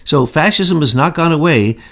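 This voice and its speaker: A man's voice: on the high side, animated, moderate pace, a bit bright. Indignant man firing rhetorical questions. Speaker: co-host. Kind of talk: political talk show.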